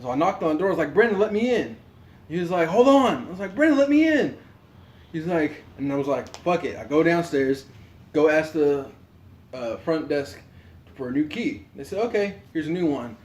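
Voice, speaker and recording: A man tells a story on a podcast in a loose, profane, animated way, laughing often. His voice sits a little high. The room is echoey. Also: fairly quick. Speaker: podcast co-host. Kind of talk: casual storytelling among friends.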